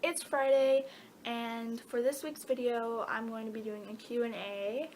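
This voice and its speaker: A woman's voice: fairly high pitch, a little hiss or hum. A teenage girl answering Q&A questions in a casual, rambling way with many fillers and giggles. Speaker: vlogger. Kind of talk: casual Q&A chat.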